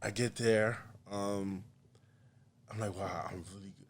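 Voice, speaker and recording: A man's voice: fairly low pitch, fairly even intonation, measured pace, slight background noise. A man guest on a podcast, telling a story casually and animatedly, acting out other people's lines with frequent laughter. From United States. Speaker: podcast guest, artist and comedian.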